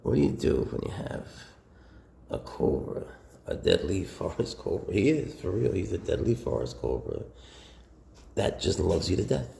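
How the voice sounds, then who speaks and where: A man who keeps snakes, chatting casually to camera and cooing baby talk to a snake, often dropping into a whisper, then giving relaxed handling advice. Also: deep voice, moderate pace, creaky, reverberant. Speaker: snake keeper.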